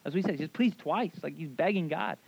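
Male pastor in his thirties, lively casual preaching, slightly high voice, dry dull recording. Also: fast, vocal fry, slightly rough, dry recording. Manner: animated storyteller, acts out voices, casual asides. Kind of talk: sermon.

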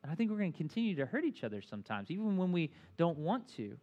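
Chatty pastor, man with a high voice. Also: fast talker, highs cut off. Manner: animated and chatty, full of asides; often asks "right?" and "like". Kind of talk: conversational sermon.

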